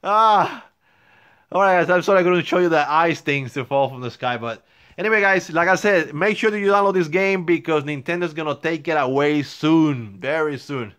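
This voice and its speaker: A man hosting a gaming channel, giving excitable let's play commentary, swearing and yelling at the game. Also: on the high side, moderate pace, smooth. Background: game music.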